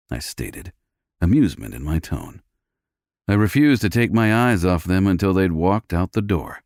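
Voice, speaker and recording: A man's voice: deep voice, big pitch swings, moderate pace, a little mellow, dry recording, studio quality. A man reading a first-person romance audiobook with a gritty, tough-guy delivery. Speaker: audiobook narrator.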